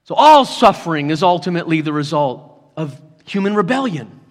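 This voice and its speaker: A man preaching to his congregation in a high, ringing voice, carried by the long reverb of a large hall. His delivery swings from loud, emphatic passages down to near whispers. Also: very animated, moderate pace. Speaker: pastor. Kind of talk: sermon.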